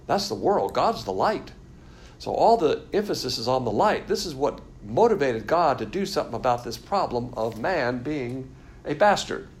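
A man's voice: mid-range voice, slight background noise. A man teaching a Bible lesson from diagrams, explaining in a blunt, emphatic way.

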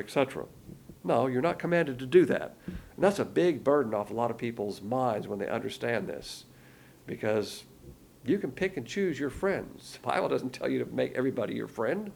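A man's voice: medium pitch, creaky, a little mellow. A man giving an emphatic Bible lesson in sermon style, often repeating key words and stopping to restart his sentences. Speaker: Bible teacher.

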